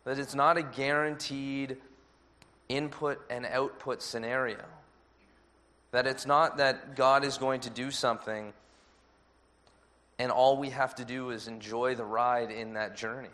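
A man preaching a sermon as pastor, measured and earnest. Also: medium pitch, fairly even intonation, bright, forceful tone.

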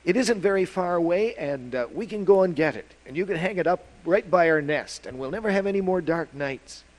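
A man's voice: high-pitched, fairly quick, pitched above the performer's own voice. A man doing an eager little whippoorwill chick. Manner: excited, pleading, boyish.

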